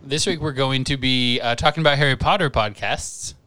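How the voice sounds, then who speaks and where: A young man co-hosting a casual comedy podcast, joking and self-mocking with quick asides. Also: mid-range voice, bright, forceful tone, slight background noise. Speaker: podcast co-host.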